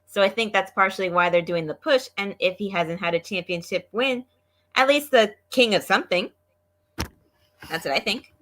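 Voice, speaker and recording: A woman co-hosting a casual wrestling review show, giving measured opinions. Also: mid-range voice, fairly bright tone. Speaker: co-host.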